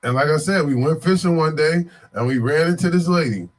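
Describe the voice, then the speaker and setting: A man from Buffalo, New York, telling a story in a casual, animated, digressive way, full of fillers and asides. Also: fairly high pitch, fairly quick. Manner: animated, digressive, frequent "you know what I'm saying" fillers.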